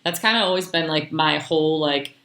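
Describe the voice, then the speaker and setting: A young woman with a low voice talks casually on a podcast, rambling through her story with lots of "like" and acted-out quotes of her own thoughts. She sounds roomy, with echo around her. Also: brisk, fairly bright tone. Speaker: podcast guest, comedian.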